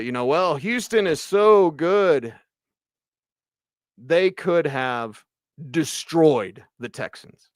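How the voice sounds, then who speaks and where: A man hosting a postgame sports radio show, ranting with animated exasperation and sarcastic asides. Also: medium pitch, clean tone, dry recording, clean studio sound. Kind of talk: postgame sports talk monologue.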